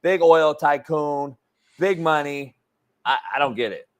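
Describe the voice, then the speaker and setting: A man's voice: a little high, measured pace, clean tone. A man hosting a sports talk show, joking and cursing in casual banter, restarting his sentences often. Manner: profane, rambling, joking with stammered restarts. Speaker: show host.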